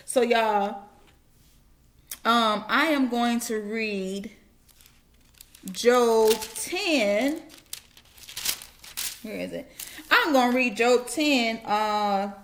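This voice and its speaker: Woman, high voice, casual Bible teaching, slangy animated retelling.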